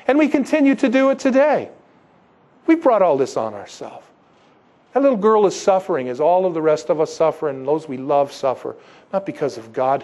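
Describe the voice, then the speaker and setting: A man preaching a sermon as pastor, emphatic, moving between loud exhortations and quiet low asides, asking rhetorical questions in a conversational way.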